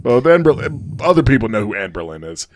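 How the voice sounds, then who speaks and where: Brief: man, relaxed podcast co-host, talks loosely with fillers, dry mic. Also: medium pitch, fast, no echo. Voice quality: frequent "uh" fillers, laughs often. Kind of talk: casual chat.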